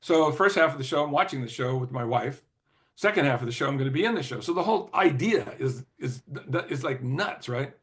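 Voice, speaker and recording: Older male interview guest with a mid-range voice, storytelling, throat-clearing, filler-heavy, chuckling. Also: mid-range voice, fairly quick. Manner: lively, laughs often, many "you know" fillers and restarts. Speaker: interview guest, former record executive. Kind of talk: anecdotal storytelling in conversation.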